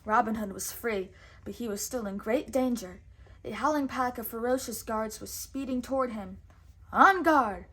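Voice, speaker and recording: A woman reading a storybook aloud with expressive, measured narration. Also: fairly high pitch.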